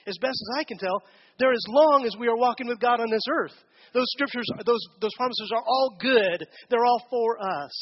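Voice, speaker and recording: A man's voice: very high-pitched, moderate pace, lo-fi sound. A man giving a conversational sermon as a pastor, asking the congregation questions during a church service.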